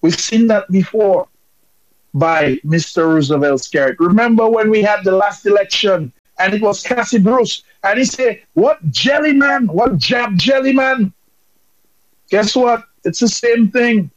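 A man's voice: high voice, normal speed, dry recording, low-quality recording. A man from Dominica calling in with impassioned, emphatic political commentary.

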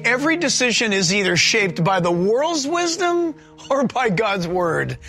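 A man preaching a sermon in an animated, conversational way, mixing scripture with joking asides. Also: sits high, in a large hall.

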